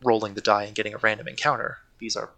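A man's voice: on the low side, little pitch movement, quick pace, pushed and bright. A man co-hosting a casual podcast, talking eagerly and rambling, often correcting himself. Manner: enthusiastic, rambling, self-correcting. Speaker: podcast co-host.

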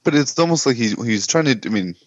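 A man's voice: mid-range voice, animated, fast, no echo. A man co-hosting a comics podcast, thinking aloud with restarts and questions in casual chat. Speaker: podcast co-host. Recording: dull lo-fi podcast audio.

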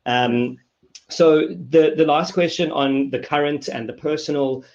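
A man's voice: on the high side, fairly even intonation, a little slow, dull audio. A man hosting a casual webinar interview, speaking candidly and bluntly. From South Africa. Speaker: host.

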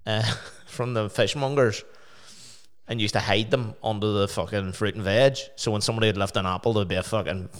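A man's voice: lowish voice, fairly even intonation, fairly quick. A man with a Northern Irish accent hosting a casual chat, telling sweary anecdotes with laughter.

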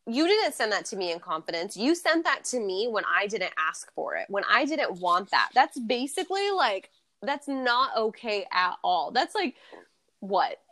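A woman's voice: on the high side, unhurried. A young woman co-hosting a podcast, chatting casually and telling stories in a blunt, profane way. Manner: blunt, profane, animated storytelling. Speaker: podcast co-host. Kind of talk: casual chat.

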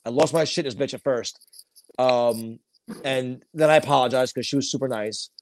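A man's voice: mid-range voice, normal speed, no echo. A man, co-hosting a podcast and telling rambling, profane stories in casual chat. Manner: rambling storytelling with heavy swearing. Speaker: podcast co-host.

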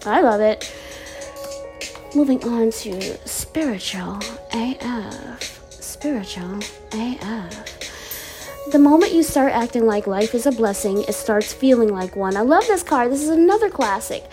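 A woman with a bubbly, playful manner reading affirmation cards aloud in a casual vlog, laughing often and repeating each card slowly. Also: on the high side, lively intonation, music in the background.

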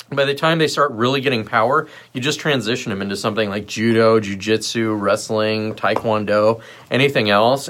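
A man hosting a livestream, talking casually and rambling with lots of fillers and asides. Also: lowish voice. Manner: puts on lively voices when quoting others. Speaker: livestream host.

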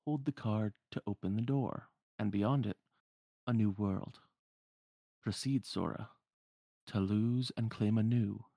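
A man voicing a calm, mysterious hooded stranger who speaks in slow riddles. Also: lowish voice, vocal fry, dry recording, clean studio sound. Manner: slow, measured riddling speech.

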